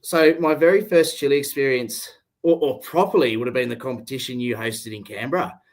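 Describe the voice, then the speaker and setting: Young male guest, Australian accent with British tinge, relaxed and chuckly, video call. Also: medium pitch, fairly quick. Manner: laid-back, chuckling often. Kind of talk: casual interview chat.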